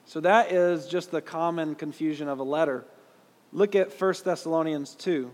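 A man's voice: fairly high pitch, moderate pace, a little mellow, long reverb tail. A man with a Southern US accent teaching a Bible class in a conversational way, putting questions to his listeners. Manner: conversational, asks the audience questions.

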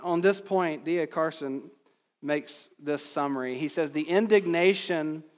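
Earnest preacher in a reverberant hall. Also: male voice, a little high, measured pace. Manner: earnest, emphatic preaching with rising peaks. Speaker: pastor. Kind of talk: expository sermon.

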